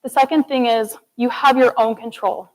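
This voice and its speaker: A woman's voice: fairly high pitch, fairly even intonation, moderate pace, poor audio. A young woman giving a student TED-style presentation, earnest and encouraging, talking straight to the audience. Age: young adult. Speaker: student speaker. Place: classroom or lecture hall.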